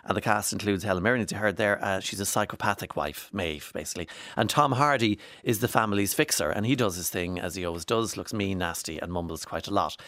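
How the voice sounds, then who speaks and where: Male presenter, lowish voice, dry studio, rambling news commentary. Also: fast talker, few pauses, fairly bright tone, dry recording. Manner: chatty, digressive, many fillers. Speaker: radio presenter.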